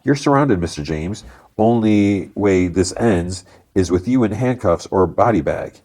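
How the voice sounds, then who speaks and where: A man's voice: deep voice, lively intonation, unhurried, a little mellow. A man doing a wry lady detective. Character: female police detective, dry and confident.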